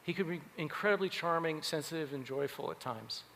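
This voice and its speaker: A man giving a keynote talk, telling stories in an animated way. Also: on the high side, fairly quick, creaky, slight background noise. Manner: animated, acts out quoted voices. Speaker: keynote speaker. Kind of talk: keynote storytelling. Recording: long hall reverb.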